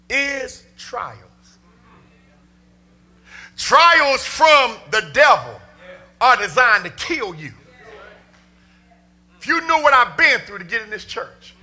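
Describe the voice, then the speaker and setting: A man preaching a sermon as pastor, impassioned and often shouting in a preaching cadence, with colloquial church speech. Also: very high voice.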